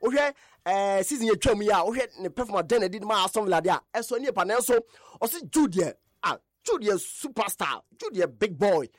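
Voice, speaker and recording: High-voiced Ghanaian sports presenter, dry. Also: male voice, brisk, no echo. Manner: animated, emphatic repetitions. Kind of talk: radio sports news roundup.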